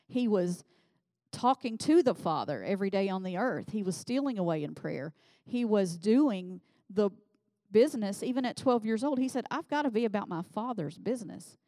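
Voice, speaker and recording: A woman preaching a sermon in a conversational way, reading scripture and becoming animated as she voices the people in it. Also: mid-range voice, normal speed, no room sound. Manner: conversational, animated when voicing scripture figures.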